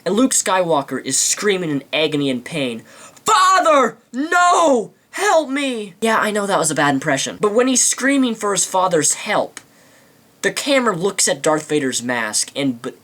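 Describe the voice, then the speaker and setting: A man's voice: on the high side, lively intonation, normal speed, fairly bright tone. A man giving a ranting movie commentary, indignant and mocking, with theatrical flourishes. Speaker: video commentator.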